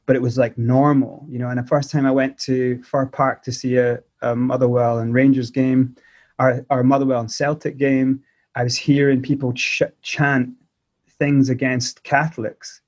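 A man's voice: mid-range voice, little pitch movement, moderate pace. A man in his forties with a Scottish accent carrying South African traces, telling his life story as a podcast guest in a loose, rambling way full of restarts. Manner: rambling, many restarts and "like" fillers. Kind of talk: casual interview storytelling. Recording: dull lo-fi audio.

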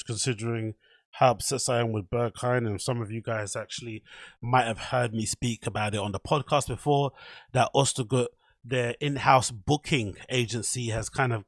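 Chatty podcast host, dry sound. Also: male voice, mid-range voice, a bit bright, dry recording. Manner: chatty, joking, self-mocking. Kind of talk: casual solo commentary.

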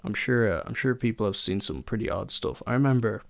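A man's voice: fairly low pitch, expressive, a little fast, gravelly, dry recording. A young man, hosting a solo podcast and telling rambling stories in a casual chat, full of fillers and restarts. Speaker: podcast host.

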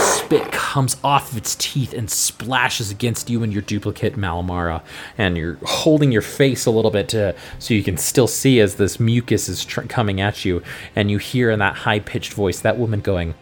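A man hosting a podcast as game master, narrating a tabletop fantasy game in a measured, descriptive way. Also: on the low side, soft background music.

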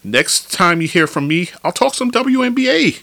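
A man's voice: sits high, normal speed, gravelly, no echo. Opinionated man hosting a basketball podcast. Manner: animated, opinionated, slangy. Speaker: podcast host. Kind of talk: solo podcast rant.

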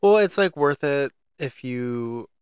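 Another young co-host chats casually on the podcast, his stories rambling and heavy with fillers. He speaks slowly and expressively in a medium-pitched, clear, resonant voice. The studio-quality recording has no room sound.

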